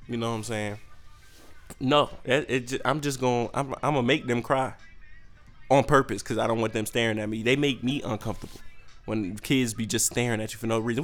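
A young man hosting a podcast, ranting in a profane, animated way with sudden jumps in pitch. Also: a little fast, faint music behind. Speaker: podcast host. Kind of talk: solo comedic rant.

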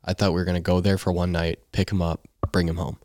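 A man in his twenties, a podcast guest, tells his story in a casual, animated way, swearing freely and saying "like" often. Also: low voice, fast, no echo, studio quality. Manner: animated, profane storytelling with lots of "like". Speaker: podcast guest, baseball player.

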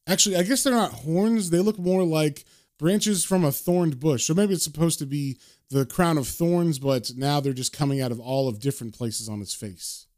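A man's voice: a little high, moderate pace, a little mellow. Casual male comic narrator. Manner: casual, conversational, hedging asides. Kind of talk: casual comic book retelling.

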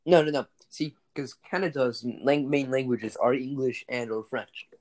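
Young man, mid pitch, casual rambling chatter full of fillers, dry close mic. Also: measured pace, darkish tone, no echo. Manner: rambling, laughs often, says like a lot. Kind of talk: casual chat.

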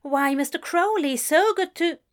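A woman's voice: sits high, unhurried, voice pushed up. Woman doing a gushing, cooing shopkeeper lady. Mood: cheerful. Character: bubbly female plant-shop owner. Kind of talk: audiobook character voice.

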